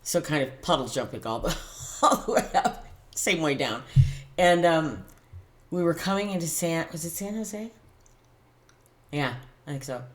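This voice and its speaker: A middle-aged woman with a low voice recounts a personal anecdote straight to the camera. She tells it in an animated, casual way, laughing often and starting sentences over. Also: a little slow, long pauses. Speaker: tarot channel host.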